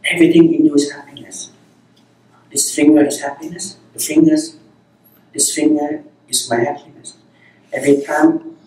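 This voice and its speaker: Man, Zen teacher, dharma talk, unhurried repeated phrases, very echoey hall, far from the mic. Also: a little high, a little mellow, slight background noise. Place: meditation center hall.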